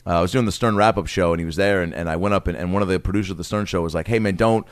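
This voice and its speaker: Brief: lower-pitched male comedian, casual podcast banter, dry close mic. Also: rapid-fire, no room sound. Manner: animated storytelling, slips into quoted voices.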